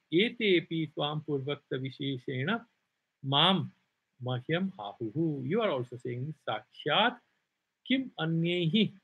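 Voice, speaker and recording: A man's voice: a little high, creaky, husky, highs cut off. A man with an Indian English accent teaching a scripture class, reciting Sanskrit verses and explaining them in English in a discursive way. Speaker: Vedanta philosophy teacher.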